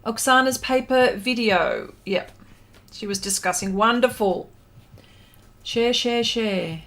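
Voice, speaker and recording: A woman's voice: fairly high pitch, slow pace, fairly bright tone. An Australian woman, a pastel artist, chatting casually with her viewers during a live stream as she paints, thanking them and reading their comments aloud.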